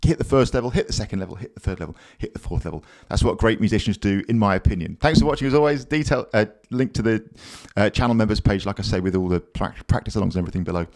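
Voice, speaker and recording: A man's voice: on the low side, lively intonation, very fast, few pauses, darkish tone. A man teaching drums, plain-spoken and encouraging, with blunt asides. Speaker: drum teacher. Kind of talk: drum lesson, counting aloud over playing.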